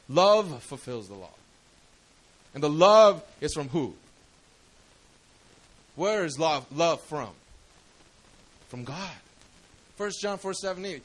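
A man's voice: on the high side, poor audio. A man preaching a sermon in a casual, slangy way, often asking the congregation questions.

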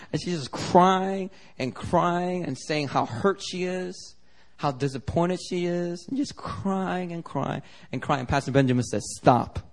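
The preacher here has a high voice and speaks a little slowly. His sermon is full of animated storytelling in which he imitates the people he describes.

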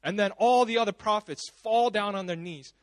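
A man preaching a sermon at a church service, retelling stories in a casual, animated way with frequent conversational asides. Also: high voice, normal speed, dry recording. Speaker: pastor.

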